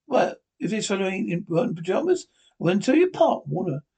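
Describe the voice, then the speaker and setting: A man's voice: high voice, very animated, brisk, dark tone, breathy edge, full character voice. A man playing a doubtful middle-aged friend in a 1950s radio drama, with a skeptical, questioning manner. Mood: incredulous.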